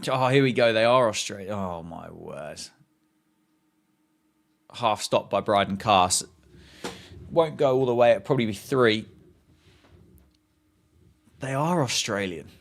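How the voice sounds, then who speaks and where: A man's voice: mid-range voice, unhurried, pauses often. A man hosting a live cricket watchalong, chatting casually, joking and reacting to play and viewer comments.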